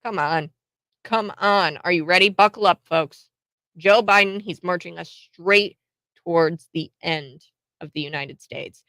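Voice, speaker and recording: A woman hosting a radio talk show, giving animated, mocking political opinions with frequent restarts. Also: on the low side, measured pace, gravelly, no room sound. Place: radio studio.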